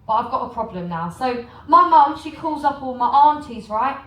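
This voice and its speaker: With lively intonation, a high pitch and a somewhat bright tone, an English woman speaks at normal speed as a cruise port shopping presenter. Her joking, chatty sales talk to a live crowd in a large cruise-ship room is full of questions for them. The recording is low quality, roomy and taken from a distance.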